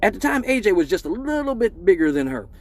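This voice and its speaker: A man's voice: sits high, big pitch swings, fast talker. A man telling a raunchy comic story on a live stream, profane and laughing often.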